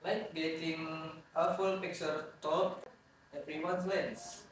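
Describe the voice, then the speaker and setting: A young man co-hosting a student book podcast, speaking in a measured, thoughtful way. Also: a little high, little pitch movement. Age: young adult. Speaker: podcast co-host. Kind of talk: scripted casual podcast chat. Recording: echoey room, far-off mic, faint noise.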